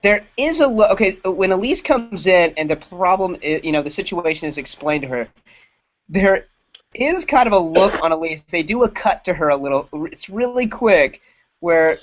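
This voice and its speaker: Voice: medium pitch, animated, normal speed. A podcast co-host talking in casual chat, rambling with many fillers and restarts. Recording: dull lo-fi podcast audio.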